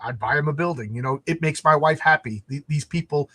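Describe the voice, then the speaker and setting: There's no room sound as a middle-aged podcast host speaks briskly in a voice a bit on the high side. His casual chat is full of animated stories with acted-out quotes.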